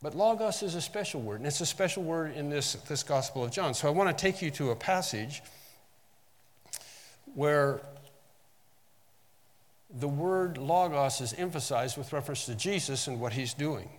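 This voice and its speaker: A pastor giving an earnest teaching sermon. He slows down to stress key phrases and drops lower and quieter for asides. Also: lively intonation. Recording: long hall reverb.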